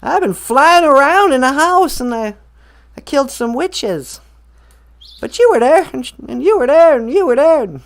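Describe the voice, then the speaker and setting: A woman voicing a wide-eyed, earnest young farm girl, talking in an excited, breathless rush. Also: measured pace. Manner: excited, high-pitched retelling.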